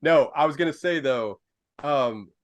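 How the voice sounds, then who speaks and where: A man's voice: fairly high pitch, unhurried, dry recording, lo-fi sound. A man hosting a podcast, talking loosely with swearing and laughing along. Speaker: podcast host. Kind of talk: casual chat.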